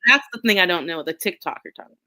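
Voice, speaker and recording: A woman's voice: on the low side, lively intonation, very fast, pushed and bright. Laid-back woman co-host, teasing. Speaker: podcast co-host. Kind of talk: casual livestream chat. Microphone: video call.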